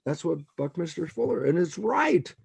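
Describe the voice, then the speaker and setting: A man's voice: a little high, normal speed, vocal fry, slightly rough, dry recording. An older man, a scientist guest in a podcast interview, telling stories and acting out the lines of people in them. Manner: animated storyteller, acts out quotes.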